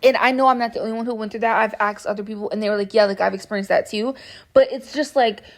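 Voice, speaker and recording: A soft-spoken young woman with a bubbly manner, rambling through a casual storytime with lots of fillers. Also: a little high, steady tone, fast talker. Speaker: vlogger.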